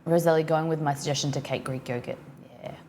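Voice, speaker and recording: A woman's voice: sits low, fairly even intonation, fast talker, darkish tone, slight background noise. A woman with an Australian accent hosting a cooking live-stream, chatting with viewers and reading their comments aloud as she reacts.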